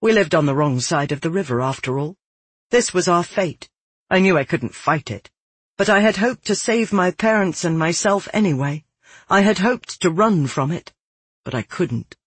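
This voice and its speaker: Breathy narrator reading a fantasy story, dry close sound, steady and earnest. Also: medium pitch, moderate pace, no room sound. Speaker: audiobook narrator. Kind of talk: first-person fantasy narration.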